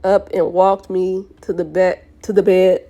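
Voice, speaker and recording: A woman's voice: lowish voice, little pitch movement, unhurried, mellow, lo-fi sound. A woman casually reading a novel aloud, stumbling over words and correcting herself with laughing apologies to her listeners. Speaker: audiobook reader of fan fiction.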